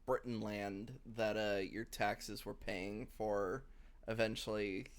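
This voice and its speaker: Podcast co-host, man, smooth clean voice, rambling jokey chat. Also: lowish voice, steady tone, slow pace. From United States. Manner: rambling, joking, many fillers. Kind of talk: casual chat.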